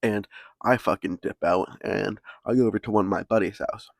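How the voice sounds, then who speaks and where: A man's voice: fairly low pitch, brisk, gravelly, dry recording. A young man casually telling a story in laid-back slang, swearing constantly.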